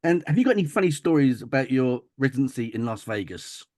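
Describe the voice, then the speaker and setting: A man hosting an interview, asking unhurried questions and laughing easily. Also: mid-range voice, sing-song, darkish tone, dry recording, clean studio sound. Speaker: host.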